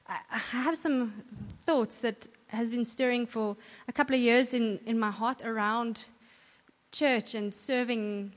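A woman giving an earnest, conversational church talk, often restarting her sentences. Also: medium pitch. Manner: earnest, warm conversational preaching with self-corrections. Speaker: church speaker. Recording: long hall reverb.

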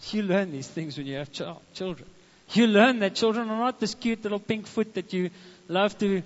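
A man, a pastor preaching a sermon in a church, animated and speaking straight to the congregation. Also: high-pitched. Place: church hall. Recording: dull muffled echoing hall recording.

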